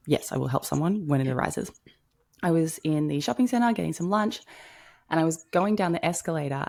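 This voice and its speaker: Low-voiced woman, chatty storyteller. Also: vocal fry, a little mellow. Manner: chatty storytelling, heavy on "like", casual swearing. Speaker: podcast co-host. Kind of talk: casual podcast chat.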